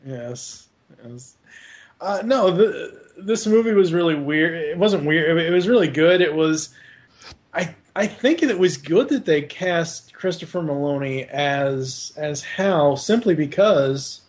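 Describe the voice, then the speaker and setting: A man hosting a casual podcast chat, rambling with halting restarts and drifting onto tangents. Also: a little high, lively intonation. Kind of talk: casual podcast chat about an animated movie.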